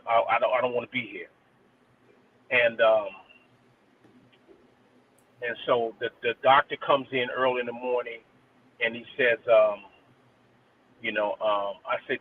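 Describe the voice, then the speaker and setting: A middle-aged man, a guest DJ, telling a personal story in an earnest, rambling way with frequent restarts. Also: mid-range voice. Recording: tinny phone line with faint noise.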